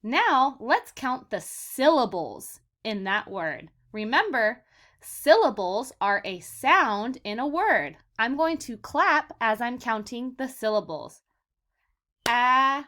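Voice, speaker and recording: A woman teacher leading a vocabulary lesson for young children, sounding out words slowly for them to repeat and calling them "my friends.". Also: a little high, sing-song, fairly bright tone. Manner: slow, exaggerated word modeling for repetition; encouraging, addresses children as "my friends".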